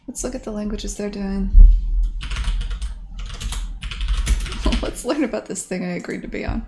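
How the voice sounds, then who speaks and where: Gravelly, excitable woman streamer. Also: medium pitch, slight background noise. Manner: excitable, swears freely, mutters to herself. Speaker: indie game developer streaming. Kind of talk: casual live-stream chat with viewers.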